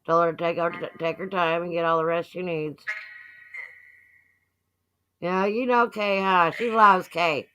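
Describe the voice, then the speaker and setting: A woman's voice: fairly low pitch, fairly even intonation, measured pace, pauses often, bright, forceful tone, slight background noise. A woman hosting a casual livestream from her home, chatting in a folksy way and laughing easily. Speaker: livestream host. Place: at home, indoors.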